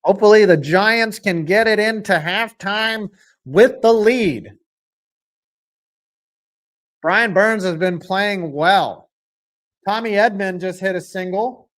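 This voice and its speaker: A man streaming a live football reaction, excitable and rambling, swinging from loud outbursts to low mutters. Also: a little slow. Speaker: sports streamer.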